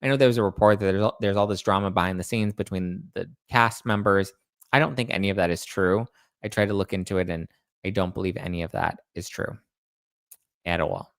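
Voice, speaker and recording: Low-pitched and fairly quick, with no echo, a man runs a celebrity gossip show and reads out comments from viewers. His casual talk rambles along in a chatty way, full of restarts and self-corrections.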